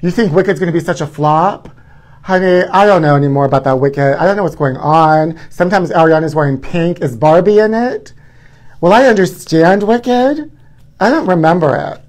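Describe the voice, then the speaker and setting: A man's voice: a little high, normal speed, darkish tone. A man hosting a live stream, chatting in a campy, gossipy way and calling his viewers honey. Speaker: livestream host.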